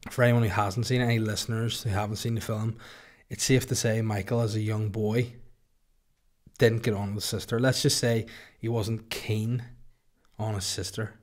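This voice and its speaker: A man's voice: fairly low pitch, little pitch movement, moderate pace. Rambling Northern Irish man telling a story. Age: 30s. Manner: rambling, sweary, jokey asides to his co-host. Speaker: podcast host. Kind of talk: casual comedic storytelling.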